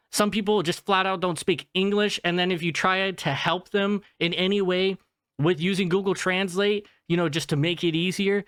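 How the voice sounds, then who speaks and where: A man's voice: high voice, fairly bright tone, clean tone, no room sound, clean studio sound. Fired-up young man ranting into a podcast mic. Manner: profane and heated, keeps tagging lines with "okay?". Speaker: podcast host. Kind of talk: solo podcast rant.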